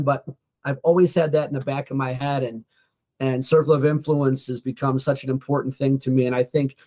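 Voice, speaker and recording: A man's voice: mid-range voice, darkish tone. A man, a guest author and motivational speaker, frankly and earnestly telling a personal story in a podcast interview, now and then with a swear word.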